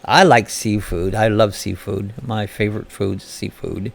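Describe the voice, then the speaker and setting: A man's voice: fairly low pitch, fairly even intonation, measured pace, vocal fry. A man from Florida hosting a casual live-stream chat, reading viewers' comments aloud and answering them in a chatty way.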